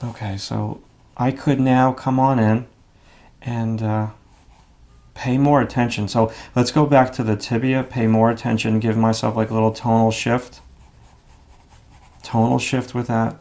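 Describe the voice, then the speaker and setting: A man giving a relaxed drawing lesson, talking through each stroke as he draws, with frequent fillers and self-critical asides. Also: medium pitch, measured pace, long pauses. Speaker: drawing instructor. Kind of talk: casual instructional narration while drawing.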